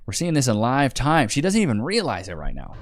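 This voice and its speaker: A man's voice: mid-range voice, wildly swooping pitch, fairly quick. A man hosting a reaction stream, giving blunt, slangy, emphatic commentary straight to his chat. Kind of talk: casual commentary.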